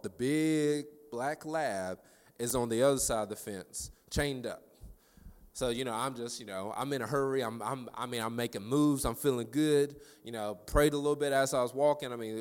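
A man giving a devotional sermon, telling a lively story from his day and building into fervent preaching. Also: medium pitch, smooth, long reverb tail. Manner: conversational, animated storytelling building to preaching fervor. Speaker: devotional speaker.

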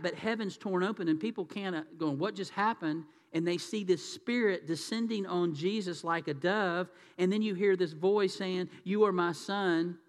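Pastor guy preaching, high voice, chatty, asks the crowd questions, big echoey hall. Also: a bit bright. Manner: conversational preaching with rhetorical questions to the congregation. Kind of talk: sermon.

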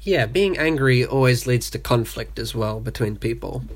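A man's voice: medium pitch, animated, moderate pace, a little hiss or hum. A man hosting a podcast, explaining Bible passages in a casual, conversational way with frequent fillers. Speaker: podcast host. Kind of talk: casual Bible study discussion.

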